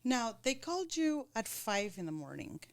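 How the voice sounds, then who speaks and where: A woman interviewing in a casual conversation, asking gentle clarifying questions. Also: on the high side, big pitch swings, normal speed, dry recording.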